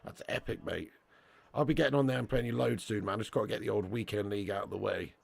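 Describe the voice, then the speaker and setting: A man's voice: on the low side, fast talker, vocal fry, breathy edge. A young man hosting a casual live watch-along, reading chat and bantering with viewers as lad and mate.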